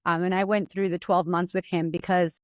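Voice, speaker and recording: A woman guest on a podcast, talking fast and acting out her own inner voice as she tells stories. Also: lowish voice, level tone, dry recording, studio quality. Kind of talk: animated conversational storytelling.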